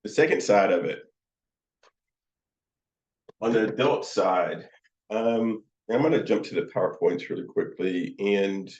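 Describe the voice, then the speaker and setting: A man teaching counseling students, talking in a slow, halting way with many fillers and restarts. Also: fairly low pitch, lively intonation, darkish tone. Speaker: counseling supervisor. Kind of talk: teaching lecture with demonstrations. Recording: roomy, dull lo-fi sound.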